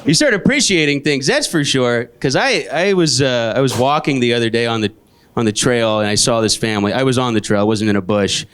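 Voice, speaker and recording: A young man in his late twenties delivers a stand-up set in an even, medium-pitched voice. He tells his stories dry and deadpan, then jumps suddenly into high, exasperated voices. It sounds like a comedy club stage with a handheld mic. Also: brisk, a little hiss or hum. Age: 20s. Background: audience laughter.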